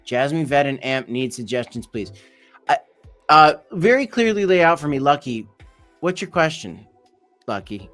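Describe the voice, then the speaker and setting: A man's voice: fairly high pitch, animated, moderate pace, a bit bright, faint music behind. A man hosting a casual livestream, reading chat comments aloud in a loose, jokey, rambling way. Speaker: host of a crypto livestream.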